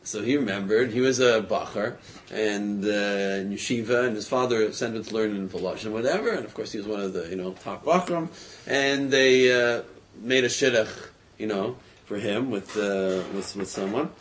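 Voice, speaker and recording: A man telling a story in a casual, conversational way, animated as he quotes the people in it. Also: lowish voice, normal speed, a little hiss or hum. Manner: conversational, full of fillers and restarts, animated quoting.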